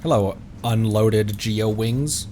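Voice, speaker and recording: A man's voice: lowish voice, slow, warm tone, slight background noise. A male streamer giving casual gameplay commentary, joking, laughing often and talking back at the game.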